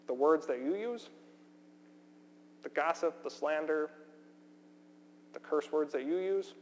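Man, pastor, sermon, earnest emphatic delivery, deliberate pauses, slightly high pitch, faint background hum. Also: a little mellow. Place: church sanctuary. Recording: long hall reverb, faint hum.

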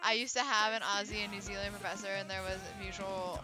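A woman's voice: medium pitch, flat delivery, fast talker, over music. A woman streamer in casual live-stream chat, playful and freely swearing as she reacts to clips.

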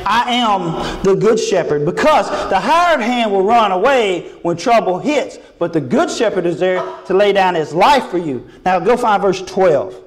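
A man, preaching a sermon in a folksy, animated way and acting out little dialogues with God. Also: high-pitched, normal speed, few pauses, reverberant. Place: church sanctuary.

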